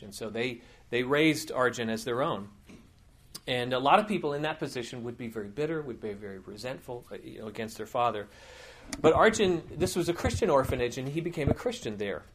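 A man's voice: mid-range voice, a bit bright. A man preaching a sermon as a teaching elder, telling a story earnestly with many fillers and restarts. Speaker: pastor.

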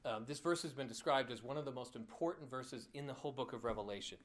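A pastor preaching a sermon, telling a personal story in an earnest, heartfelt way. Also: male voice, medium pitch, fast talker, slight background noise.

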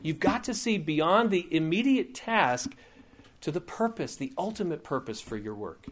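A man's voice: fairly high pitch, sing-song, normal speed, a little hiss or hum. A man giving a conversational teaching sermon, informal and digressive, with frequent asides and light humor.

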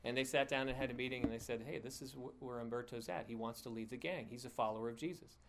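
A man's voice: medium pitch, steady tone, fast talker, noisy background. A man preaching a sermon, telling a story in a conversational way with frequent fillers and restarts, and chuckling at his own asides. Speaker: pastor.

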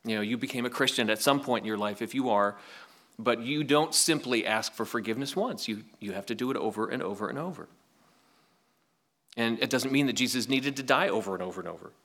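A man's voice: mid-range voice, fairly quick, fairly bright tone. A man preaching a sermon, reading scripture aloud and asking the congregation rhetorical questions in a conversational way. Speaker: pastor.

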